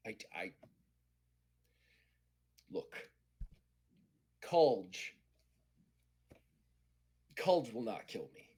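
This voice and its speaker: A man's voice: on the low side, big pitch swings, very slow, long pauses, warm tone, slightly rough, exaggerated voice. A man voicing a proud, conflicted Klingon woman officer who speaks formally without contractions, in a tabletop role-play. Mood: troubled.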